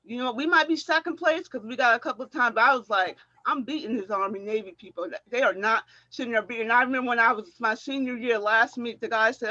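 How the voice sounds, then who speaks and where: A middle-aged woman, a former track athlete, telling animated stories in a casual chat and acting out what people said, often laughing. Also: a little high, fast talker, hardly any pauses, no room sound, dull audio. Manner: animated storyteller, acts out quotes, laughs often.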